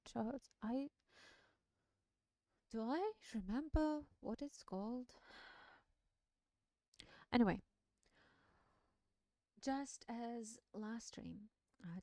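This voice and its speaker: A woman's voice: on the high side, extremely slow, pauses often, mellow, no echo. A woman, not a native English speaker, reading a storybook aloud and chatting on a live stream in a chatty, self-deprecating way. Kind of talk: book reading and casual chat on a live stream.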